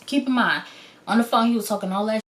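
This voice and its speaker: A young adult woman telling a story in a casual, blunt and animated way, acting out the lines of the people in it. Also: fairly high pitch, fast talker. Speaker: vlogger.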